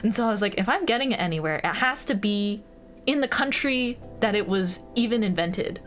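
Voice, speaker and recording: A woman's voice: medium pitch, expressive, fairly quick, fairly bright tone, soft background music. A young American woman streaming casual chat, bubbly and giggly, with lots of fillers. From United States.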